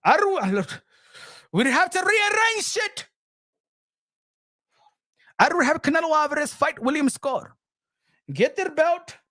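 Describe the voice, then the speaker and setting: A man's voice: very high voice, sing-song, measured pace, pauses often, sharp tone, no room sound, clean studio sound. A man, ranting as a profane, mocking boxing commentator.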